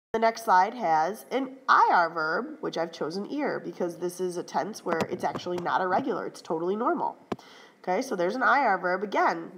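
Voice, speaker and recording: A woman teaching Spanish grammar in a brisk, firm lecture, often checking in with "right?" and "okay?". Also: mid-range voice, rough recording. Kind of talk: classroom lecture over slides.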